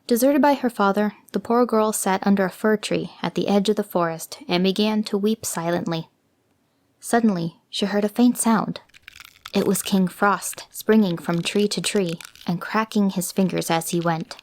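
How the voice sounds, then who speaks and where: Gentle woman reading a fairy tale. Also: medium pitch, normal speed. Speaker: storyteller. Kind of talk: scripted fairy-tale narration.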